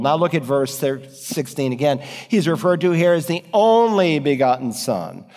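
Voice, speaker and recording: A man preaching a sermon, earnest, speeding up and slowing down for emphasis. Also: fairly high pitch, long reverb tail. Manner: earnest preaching with sweeping shifts in pace and emphasis. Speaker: pastor.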